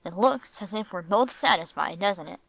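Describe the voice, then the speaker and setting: A woman's voice: mid-range voice, animated, moderate pace, gravelly, no room sound. A woman reading a teasing husband. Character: teasing middle-aged husband.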